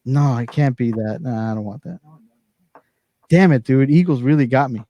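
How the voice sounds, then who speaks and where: A man's voice: mid-range voice, normal speed, dark tone, dry recording, lo-fi sound. A man hosting a casual chat, loose and profane, trailing off as he hunts for names. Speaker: podcast host.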